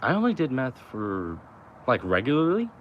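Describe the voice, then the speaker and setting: A man's voice: medium pitch, wildly swooping pitch, moderate pace, lo-fi sound, a little hiss or hum. A young man talking in a loose, rambling, profane way, full of fillers, outdoors by a road. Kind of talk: casual rambling chat.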